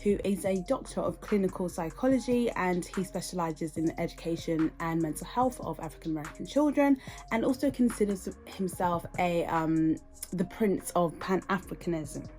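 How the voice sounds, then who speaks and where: A young British woman hosting a podcast, reacting in an animated, indignant way and talking straight to her listeners. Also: lowish voice, normal speed, faint music behind. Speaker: podcast host. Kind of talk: casual podcast commentary.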